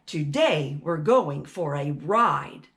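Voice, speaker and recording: A woman voicing a huge, stern female triceratops teacher in a storybook read-aloud, giving commands slowly. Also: low voice, animated, a bit bright, voice pushed down, full character voice. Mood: commanding.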